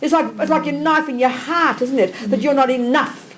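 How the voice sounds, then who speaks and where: High-voiced blunt woman teaching. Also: fairly quick. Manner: animated, blunt, teasing, fires rhetorical questions. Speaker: Buddhist teacher. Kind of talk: live question-and-answer teaching. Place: teaching hall with a live audience.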